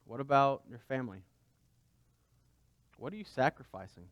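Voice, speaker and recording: A man's voice: mid-range voice, lively intonation, normal speed, no room sound. A man pastor preaching a conversational sermon, asking his listeners rhetorical questions.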